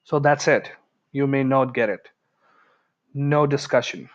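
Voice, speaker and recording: A man's voice: mid-range voice, measured pace. A man teaching an English grammar lesson in a chatty way, acting out everyday example dialogues. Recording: dull lo-fi recording.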